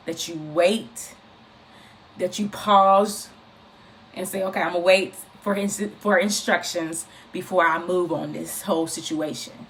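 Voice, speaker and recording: A woman giving an informal, encouraging faith talk, speaking in an animated, repetitive, conversational way. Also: on the low side, slight background noise. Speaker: inspirational speaker.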